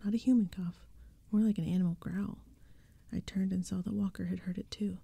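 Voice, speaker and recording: A woman reading a spooky children's story in a soft, breathy whispered role-play, close to the mic. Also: medium pitch, steady tone, fairly quick, no echo. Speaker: ASMR storyteller.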